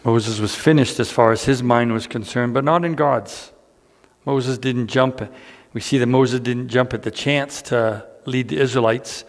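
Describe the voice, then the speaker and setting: A man preaching a sermon as pastor, earnest and unhurried, repeating key lines with dramatic pauses. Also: mid-range voice, steady tone. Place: church sanctuary. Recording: church hall reverb.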